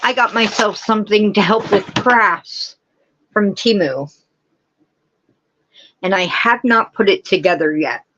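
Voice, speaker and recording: A woman's voice: medium pitch, a little slow, long pauses, fairly bright tone, dull audio, a little hiss or hum. A woman hosting a live crafting stream, rambling casually and answering her viewers' comments as she goes.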